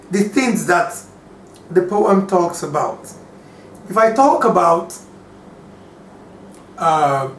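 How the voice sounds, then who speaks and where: Slow deliberate male teacher, echoey room. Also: high voice. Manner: slow, deliberate, repeats key points. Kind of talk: recorded poetry lesson. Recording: echoey room, distant mic, faint hiss.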